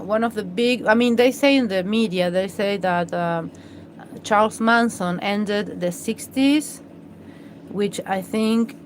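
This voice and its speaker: A woman's voice: mid-range voice, a little hiss or hum, rough recording. A woman hosting a live stream, chatting in a rambling, hesitant way with many fillers and restarts. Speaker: livestream host.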